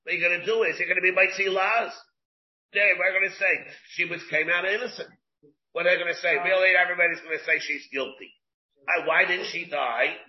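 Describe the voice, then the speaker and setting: A man, a rabbi, teaching a Talmud class, explaining slowly in English dotted with Hebrew and Aramaic terms, with many restarts. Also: high-pitched, steady tone. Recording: dull lo-fi class recording.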